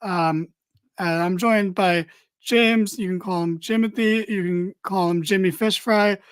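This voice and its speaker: A man's voice: high voice, steady tone, unhurried, smooth, no echo. A tired man co-hosting a casual wrestling podcast, rambling with dry, mock-serious humor. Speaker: podcast co-host.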